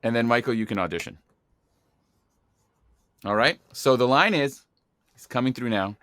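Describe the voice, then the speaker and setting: A man's voice: medium pitch, moderate pace, a bit bright, no room sound, clean studio sound. A man hosting a podcast in a playful, theatrical announcing manner. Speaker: podcast host.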